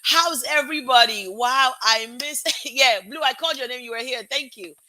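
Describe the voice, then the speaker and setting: A woman hosting her own live-streamed show in casual chat, bubbly and excitable, greeting viewers one by one from home. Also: high voice, moderate pace, slight background noise. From Africa. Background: music playing.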